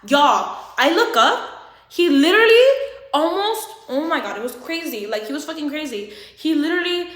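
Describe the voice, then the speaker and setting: A young woman telling an animated, laughing story time full of swearing. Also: high-pitched, normal speed. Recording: roomy echo.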